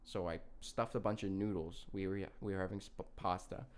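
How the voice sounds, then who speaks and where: A man's voice: low-pitched, steady tone, a little fast. Young male podcast co-host, loose rambling storyteller, profane and laughing. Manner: laughing, swearing, rambling with restarts. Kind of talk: casual storytelling chat.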